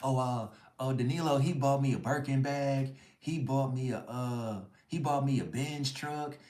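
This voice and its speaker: A man's voice: mid-range voice, fairly even intonation, a little slow, a little mellow, roomy sound, voice pushed up, natural voice. A man mimicking a gossiping, mocking young woman in a sassy, taunting voice.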